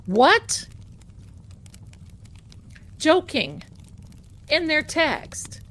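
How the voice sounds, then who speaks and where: A Boston-accented woman runs a tarot livestream, her voice sitting a little high. Her delivery is animated, casual and sarcastic, and she says things twice for emphasis.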